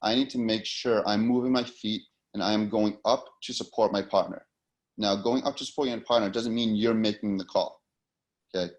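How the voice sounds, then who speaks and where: A hockey officiating instructor with an American accent and a lowish male voice explains linesman positioning. His intonation stays fairly even and his pace moderate, and the instruction is loose and casual, full of fillers and repeated words.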